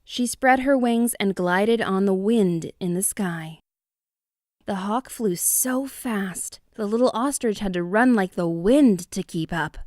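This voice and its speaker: Storybook narrator, woman, lively and expressive, dry close recording. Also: medium pitch, slow, dry recording. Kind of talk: children's story reading.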